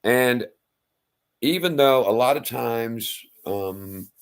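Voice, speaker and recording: Gravelly man telling a lively story. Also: medium pitch, takes it slowly. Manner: animated, loud sound-effect outbursts and blunt profanity. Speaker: self-styled faith speaker. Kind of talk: casual retelling of a Bible story.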